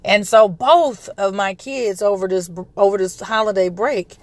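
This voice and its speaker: A woman in her thirties hosting a casual podcast monologue, recovering from a respiratory illness and clearing her throat, telling a story in a chatty way. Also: medium pitch, measured pace, no echo. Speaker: podcast host, parent.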